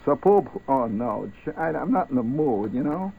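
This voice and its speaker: A man's voice: medium pitch, big pitch swings, normal speed, gravelly. A man hosting a late-night radio show, rambling wryly and talking straight to his listeners. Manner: wry, meandering, talks straight to listeners. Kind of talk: rambling ad-libbed radio talk. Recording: tinny old radio broadcast with faint hiss.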